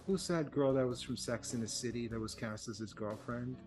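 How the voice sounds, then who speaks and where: A man co-hosting a casual film podcast, telling stories in a rambling, animated way and laughing at himself. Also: medium pitch, fairly quick, faint music behind. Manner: rambling, animated storytelling with self-mocking laughs. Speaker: podcast co-host.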